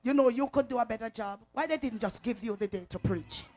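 A woman's voice: a little high, a little fast, dark tone, pitched below the performer's own voice, natural voice. A woman voicing a sly whispering devil. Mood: sly, tempting.

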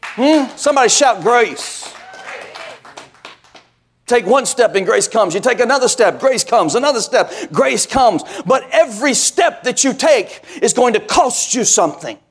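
Male pastor, higher-pitched voice, preaching with call-and-response asides. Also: expressive, unhurried. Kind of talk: sermon.

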